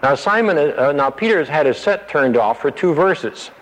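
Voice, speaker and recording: A man's voice: a little high, lively intonation, normal speed, a bit bright, slight background noise. A man teaching verse by verse from the Bible, often acting out the disciples' words in a raised, pleading voice. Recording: dull radio broadcast with long reverb.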